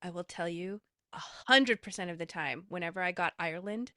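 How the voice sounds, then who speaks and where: Female podcast guest, eager and chatty, bright tense tone, dry close recording. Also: mid-range voice, expressive, brisk, no room sound. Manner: eager, talks with lots of fillers and restarts. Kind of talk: casual chat.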